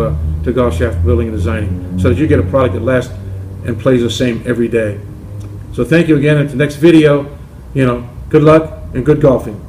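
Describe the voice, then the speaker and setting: A man presenting his golf shaft company and telling a joke, halting with restarts. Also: medium pitch, mellow, slight background noise. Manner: halting, with many restarts and fillers. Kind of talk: company promo talk with a joke. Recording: roomy with faint ambience.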